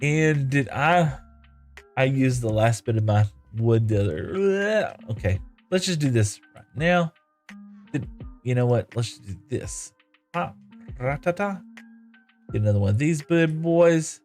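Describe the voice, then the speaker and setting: A man's voice: mid-range voice, lively intonation, unhurried, a little mellow, soft background music. Chatty man live-streaming a game. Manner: chatty, reads viewer comments aloud, thanks viewers. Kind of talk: casual live-stream chat while playing.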